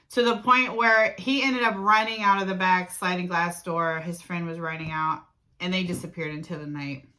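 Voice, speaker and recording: Middle-aged woman, casual storytime host, dry throat, keeps clearing it, sharp bright tone. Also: medium pitch, poor audio. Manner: animated retelling, frequent throat clearing.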